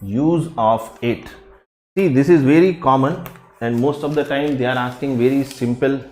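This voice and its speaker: A male teacher, giving a live online grammar class and repeating each phrase slowly to drill it. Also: mid-range voice, darkish tone, reverberant. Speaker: English teacher.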